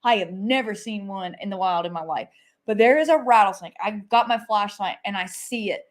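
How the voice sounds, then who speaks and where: A woman's voice: mid-range voice, brisk. A woman co-hosting a paranormal live stream, recounting an encounter vividly and repeating herself for emphasis. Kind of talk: casual live-stream chat.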